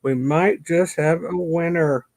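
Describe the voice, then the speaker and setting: A man's voice: on the high side, fairly even intonation, takes it slowly, darkish tone. A middle-aged man hosting his own channel from a home basement, chatting casually to the camera in a rambling, self-deprecating way and muttering to himself. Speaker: YouTube channel host.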